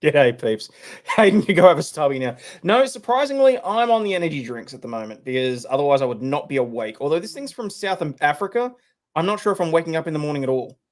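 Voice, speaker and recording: A man's voice: on the high side, lively intonation, fast talker. A man, a guest streamer chatting in a laid-back, rambling way. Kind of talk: casual livestream chat.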